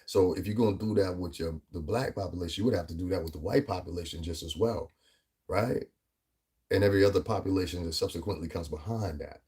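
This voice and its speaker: A man's voice: low-pitched, fast talker, dark tone, breathy edge. A man from the New York tri-state area with a New York-area accent, talking in a rambling, emphatic commentary vlog and often asking "you know what I'm saying". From US Northeast tri-state area. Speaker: vlogger.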